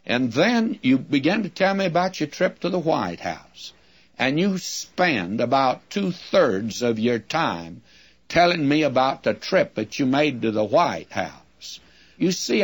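A man's voice: medium pitch, husky. A man preaching an earnest, emphatic sermon, addressing his listeners as friends.

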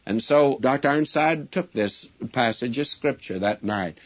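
A man's voice: medium pitch, normal speed. A man preaching a sermon as a Bible teacher, speaking earnestly and addressing his listeners directly as friends. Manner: storytelling with quoted dialogue.

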